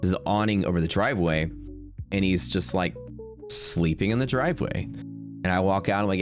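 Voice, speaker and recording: A man's voice: deep voice, moderate pace, pauses often, over music. A man hosting a trading livestream, telling stories in a rambling, laid-back way with many fillers. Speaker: streaming day-trading host. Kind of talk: casual storytelling on a livestream.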